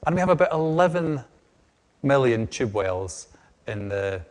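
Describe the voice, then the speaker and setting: A man's voice: mid-range voice, sing-song, unhurried. A middle-aged man from Scotland with a strong Scottish accent, giving an academic lecture with frequent restarts and fillers. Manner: hesitant, many restarts and fillers. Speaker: lecturer on groundwater.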